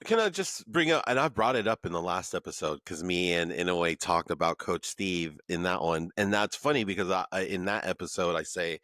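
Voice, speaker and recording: A man with a low voice hosts a remote podcast chat. He sounds keen and casual, dropping "like" and "man" throughout. The track is dry, with no room sound. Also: fairly quick, hardly any pauses, a bit bright, dry recording. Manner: enthusiastic, says "like" and "man" often. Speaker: podcast host. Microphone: remote recording.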